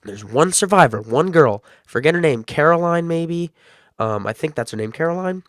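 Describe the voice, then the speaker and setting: A man recaps and reviews a TV episode in a loose, excitable way, stacking up "uh"s and "um"s as he goes. His voice is smooth and clean, recorded dry and close with no room sound. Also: a little high, moderate pace, dry recording. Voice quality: excitable, rambling with many fillers.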